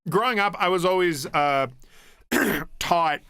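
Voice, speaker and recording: A man's voice: high-pitched, expressive, takes it slowly, vocal fry, pushed and bright, clean tone, no echo, studio quality. A young man streaming from home, chatting casually, rambling with restarts, swearing and laughing easily. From United States. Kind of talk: casual chat reading stream comments.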